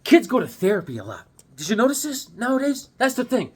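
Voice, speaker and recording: A middle-aged man rambling and joking through a casual comic-collecting vlog, goofy and animated. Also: very high voice, breathy edge. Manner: goofy, joking, animated, acts out quick bits.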